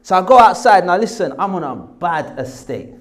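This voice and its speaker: Male storyteller, lively, slightly higher-pitched, acts out every voice he quotes. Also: moderate pace. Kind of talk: casual anecdote.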